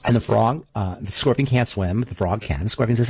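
A man co-hosting a radio talk show, an emphatic and animated storyteller. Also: lowish voice, quick pace, few pauses, slightly rough, highs cut off. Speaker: co-host.

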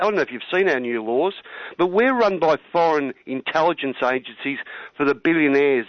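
A man's voice: medium pitch, no echo. A man with an Australian accent, calling in to a talk radio show and ranting in a heated, rambling way, saying "mate" again and again. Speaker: caller. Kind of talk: call-in radio rant. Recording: dull, dry radio call audio.

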